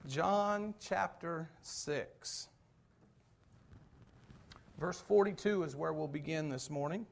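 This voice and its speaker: A man's voice: a little high, slow, gravelly. A man pastor delivering a sermon, telling a folksy joke and then preaching emphatically.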